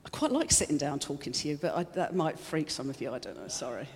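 A woman's voice: low-pitched, big pitch swings, quick pace, darkish tone. Woman preacher, casual chatty sermon, emotional, laughs a lot, long hall reverb. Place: church hall.

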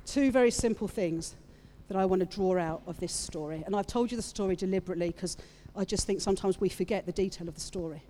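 A woman's voice: on the low side, fast talker, hardly any pauses, warm tone, a little hiss or hum. A woman preaching a sermon, retelling a story with playful asides to her congregation. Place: church hall with audience. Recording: long reverb of a large hall.

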